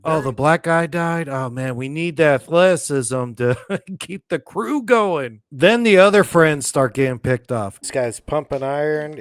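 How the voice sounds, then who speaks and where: A man's voice: a little high, dry recording. Laid-back slangy man recapping a movie. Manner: laid-back, slangy, laughing, acts out characters' lines. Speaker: movie kill-count commentator. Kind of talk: casual movie recap commentary.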